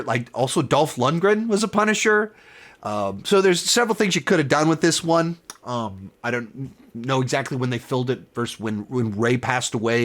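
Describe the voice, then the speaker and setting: Hosting a casual spoiler review, a man talks enthusiastically and rambles, often correcting himself mid-sentence. His voice is mid-range and a bit bright.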